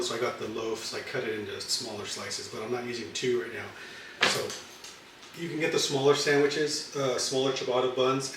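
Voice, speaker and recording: A man hosting a cooking video, chatting in a relaxed, rambling way as he builds sandwiches. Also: medium pitch, slight background noise. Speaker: cooking channel host. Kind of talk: casual cooking chat. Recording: very echoey room, mic far off.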